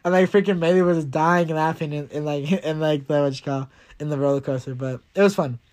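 A man's voice: fairly high pitch, fairly quick, darkish tone. A young man hosting a casual podcast, joking and talking loosely with lots of fillers. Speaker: podcast host. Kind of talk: casual chat.

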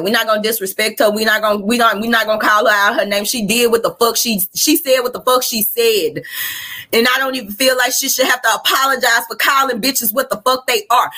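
A woman's voice: fairly high pitch, sharp tone. A woman with a Southern US accent hosting a live podcast, ranting bluntly with lots of profanity. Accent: Southern US (Arkansas). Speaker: podcast host. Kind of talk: livestream rant.

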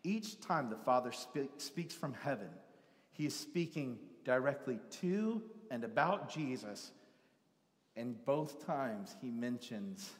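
A male pastor preaching a sermon, animated, acting out biblical voices and swinging from loud to hushed. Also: mid-range voice, takes it slowly. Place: church sanctuary. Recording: long church hall reverb.

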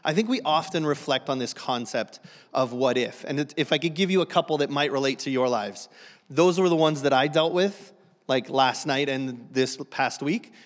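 A man's voice: medium pitch, moderate pace, big-room sound. A man preaching a humorous sermon to a church, self-deprecating and joking, often restarting his sentences. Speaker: guest pastor. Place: church sanctuary.

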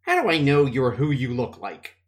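A feverish young man speaks in a hoarse rasp, as a man reads him. He is sly and suspicious, taunting the people around him with sneering questions, his voice rising and falling a great deal. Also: mid-range voice, wildly swooping pitch, normal speed. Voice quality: hoarse, rasping.

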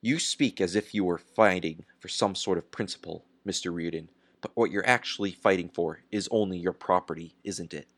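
A man voicing an elderly judge who speaks in a smooth, mocking tone. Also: lowish voice, animated, brisk, close to an everyday voice. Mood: derisive. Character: eldest male judge, suave and derisive.

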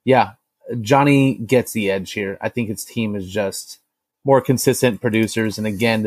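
A man's voice: lowish voice, dry recording. A man co-hosting a casual sports podcast, talking confidently and joking. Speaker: podcast co-host.

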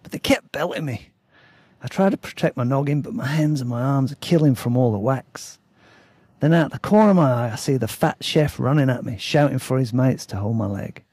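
A man's voice: mid-range voice, fairly quick, a little mellow, breathy edge, dry recording. A man telling a story in a casual, blunt way, swearing freely.

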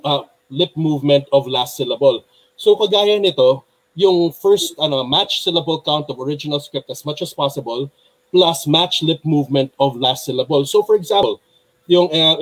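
A Filipino man with a somewhat higher voice gives an informal talk on dubbing. He explains things in a chatty, animated way and switches freely between Tagalog and English. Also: poor audio. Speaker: dubbing workshop presenter.

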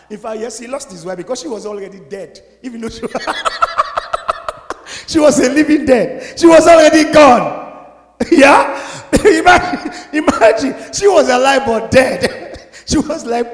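A man preaching a sermon as a pastor, emphatic and at times shouting. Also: extremely high pitch, animated, measured pace. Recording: echoey hall.

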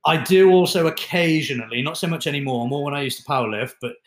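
A man co-hosting a fitness talk, explaining lifting equipment in a relaxed, chatty way with many fillers. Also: fairly high pitch, fast talker. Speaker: fitness podcast co-host. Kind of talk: casual explanatory chat. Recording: roomy echo.

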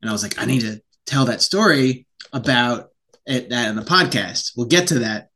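A man's voice: medium pitch, animated, normal speed, sharp tone. A man co-hosting a podcast in casual chat, rambling and often restarting his sentences. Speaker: podcast co-host.

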